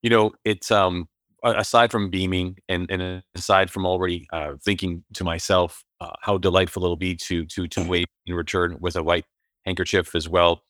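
Deep-voiced hesitant male host. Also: little pitch movement, normal speed, fairly bright tone, dry recording, studio quality. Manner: rambling, hesitant, many fillers. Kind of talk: interview conversation.

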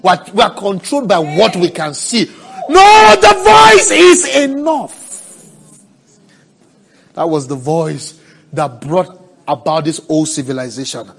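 A man preaching a sermon, asking the congregation for responses and swinging from hushed, drawn-out words to loud cries. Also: fairly high pitch, slight background noise. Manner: preaching with call-and-response, swelling to shouts.

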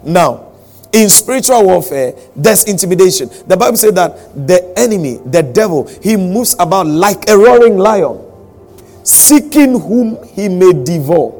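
A man preaches a sermon, pressing his points and repeating them for weight. His voice sits a little high for a man. Faint music runs beneath his words. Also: animated, measured pace, a little mellow. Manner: emphatic, repeats key lines, acts out quotes. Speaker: pastor.

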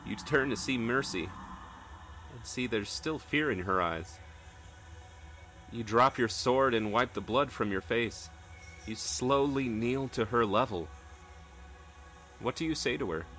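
A man's voice: medium pitch, takes it slowly, pauses often, bright, forceful tone, soft background music. A man narrating a tabletop role-playing game as game master, telling the story in dramatic second person.

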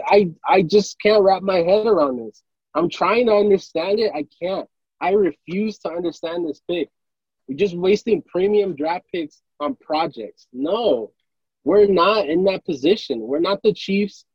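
A man's voice: fairly high pitch, a little mellow, breathy edge, no echo, lo-fi sound. A young man, a podcast co-host, ranting angrily and with lots of swearing about a football draft pick. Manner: angry, profane, repetitive ranting. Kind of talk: heated sports rant.

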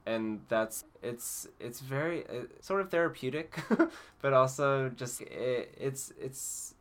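A man's voice: medium pitch, slow pace, fairly bright tone. A man being interviewed as an actor, chatting casually, laughing often and rambling with fillers. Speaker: actor guest.

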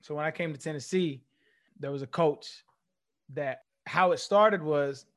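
A man's voice: fairly high pitch, a little slow. A man from California, a former athlete, telling stories as an interview guest and acting out the people he quotes. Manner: animated storyteller who acts out quotes. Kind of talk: casual interview storytelling.

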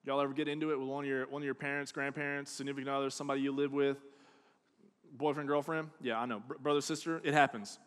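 A man delivers a sermon, recounting a personal story and performing the voices he quotes, moving between hushed and loud. His voice is mid-range with a level tone, and he talks fast. The recording carries a long hall reverb.

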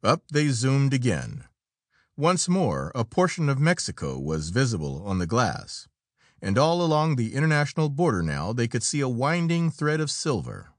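Animated male audiobook narrator. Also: medium pitch, normal speed, dry recording, studio quality. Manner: dramatic storytelling. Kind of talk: scripted narration.

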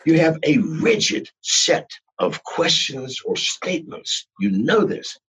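A man speaking as a podcast guest, ranting in a profane, animated way. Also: fairly high pitch, slow, background noise. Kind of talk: podcast interview.

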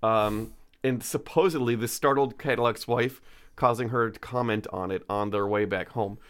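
A man's voice: medium pitch, moderate pace, smooth. Man, casual podcast storyteller, rambling delivery with fillers and restarts. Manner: rambling, stumbles over names, many fillers. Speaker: podcast co-host telling a history story.

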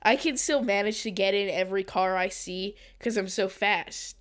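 A woman's voice: mid-range voice, moderate pace. A woman co-hosting a podcast in casual comedic chat, playful and incredulous, often giggling. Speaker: podcast co-host.

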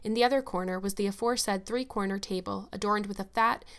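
Audiobook casting: a woman narrating a classic novel, measured and even, with a mid-range pitch. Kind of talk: scripted narration.

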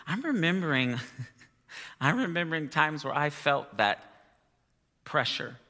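Male preacher, chatty sermon storyteller; bright tone, long hall reverb. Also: fairly high pitch, sing-song, a little slow. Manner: chatty, self-amused storytelling with laughs.

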